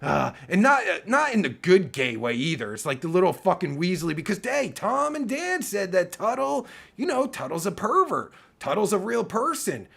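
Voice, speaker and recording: A heated man on a livestream rant, swearing constantly and circling back on himself with fillers. His voice sits high and swings widely in pitch, with a gravelly, husky edge throughout. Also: sing-song, moderate pace, hardly any pauses, fairly bright tone. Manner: profane, heated, ranting with many fillers. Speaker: streamer and podcaster.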